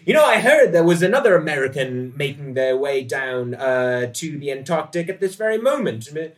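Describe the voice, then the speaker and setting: A man voicing a rakish, boastful gentleman who flirts and drops names, in a tabletop game. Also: on the high side, big pitch swings, moderate pace, pitched above the performer's own voice. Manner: pompous name-dropping swagger. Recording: echoey and distant from the mic.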